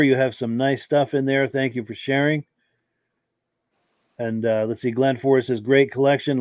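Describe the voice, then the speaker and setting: A man's voice: mid-range voice, a little mellow, no room sound. A man hosting a live podcast, reading out viewer comments in an easygoing way with frequent filler words. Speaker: podcast host.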